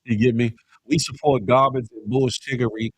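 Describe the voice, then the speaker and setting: A middle-aged man hosting a casual live morning show, animated and slangy, calling out chat names and preaching a little. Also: mid-range voice, moderate pace, breathy edge, dry recording. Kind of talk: casual live-stream chat reading viewer comments.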